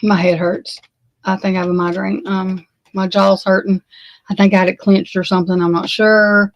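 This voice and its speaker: A woman giving shaken, emotional true crime commentary, halting and stammering, swearing, close to tears. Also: mid-range voice, level tone, no room sound, muffled recording.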